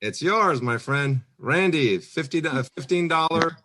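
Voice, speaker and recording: A man's voice: on the high side, animated, sharp tone, slight background noise. A man running a virtual fundraising auction, calling bids with friendly asides. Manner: brisk calls with friendly asides.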